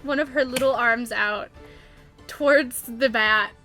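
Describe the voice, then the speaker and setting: A woman narrating as game master in a playful, laughing, unhurried way. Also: on the high side, pushed and bright, soft background music.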